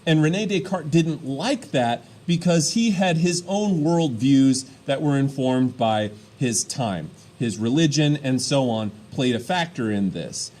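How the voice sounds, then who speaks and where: A man teaching a history lesson, explaining step by step and often checking in with quick "all right?" and "okay?" asides. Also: medium pitch, expressive, a little mellow. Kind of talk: classroom lecture.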